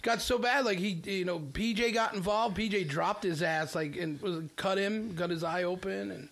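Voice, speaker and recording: A man with a fairly high voice rambles through an excited retelling in casual chat. He keeps restarting his sentences as he talks. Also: moderate pace, vocal fry.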